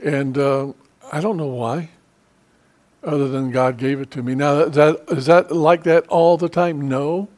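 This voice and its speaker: Man, middle-aged, church Bible study teacher, earnest, conversational, halting restarts. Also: on the high side, steady tone, a little mellow.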